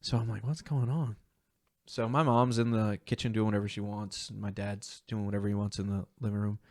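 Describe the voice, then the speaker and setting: A young man telling an emotional personal story as a guest, earnest and halting, acting out the voices of the people in it. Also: on the low side, completely flat delivery, dry recording, studio quality. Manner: earnest, acts out quoted voices, halting restarts.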